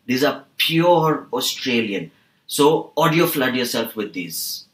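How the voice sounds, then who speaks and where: A man explaining on a learning podcast, measured and instructive, slowing down to stress key words. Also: mid-range voice, lively intonation, reverberant, rough recording. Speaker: English teacher on podcast.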